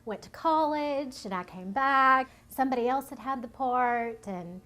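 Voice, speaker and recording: A woman's voice: high-pitched, a little slow, a bit bright. A woman, an actress, speaking in an easygoing, upbeat way in a documentary interview.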